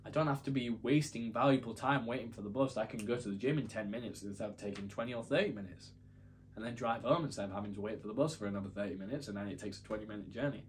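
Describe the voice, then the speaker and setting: A man's voice: on the low side, fast, slight background noise. A young man telling a story to camera in a casual, rambling, self-deprecating way. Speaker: YouTuber.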